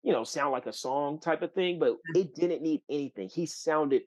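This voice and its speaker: A man from California, a guest musician, telling a long story in a loose, animated way with many fillers and restarts. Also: fairly high pitch, normal speed. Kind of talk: casual storytelling.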